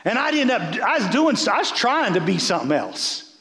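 Animated high-pitched preacher man. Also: a little fast, reverberant. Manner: animated, folksy, repeats words as he builds. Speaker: bishop preaching. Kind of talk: sermon.

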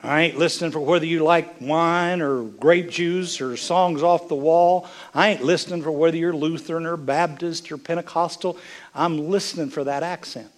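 An older man, a bishop, preaching a sermon with impassioned delivery that swings from hushed, near-whispered moments to loud, emphatic lines. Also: a little high, steady tone, moderate pace.

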